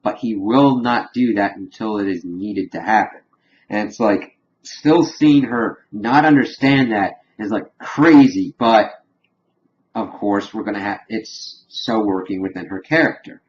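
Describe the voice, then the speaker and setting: Low-voiced young man recapping a TV episode. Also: a little slow, dull audio. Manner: chatty, retells scenes with loose quoted dialogue. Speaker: TV episode reviewer. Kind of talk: casual spoiler review, retelling scenes.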